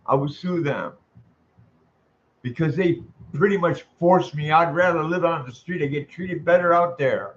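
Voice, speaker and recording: A frustrated man rants straight to the camera, swearing constantly and circling back to the same complaints. His voice sits a bit high. The recording sounds muffled and lo-fi. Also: measured pace. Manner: profane, exasperated ranting. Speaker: vlogger. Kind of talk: angry venting monologue.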